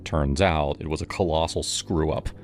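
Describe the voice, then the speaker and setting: Casting: deep male horror narrator, steady first-person storytelling, voice over a loud music bed. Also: moderate pace.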